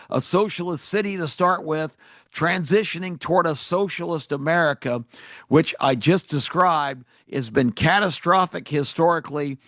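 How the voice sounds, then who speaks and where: A man's voice: fairly high pitch, a bit bright, dry recording, clean studio sound. A man hosting a talk radio show, delivering an emphatic, indignant political monologue with frequent fillers.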